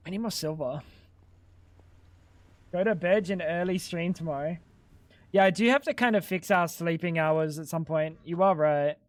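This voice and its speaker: A man's voice: a little high, normal speed, long pauses, no echo. A young man live-streaming a game, chatting casually and bantering with chat while swearing freely.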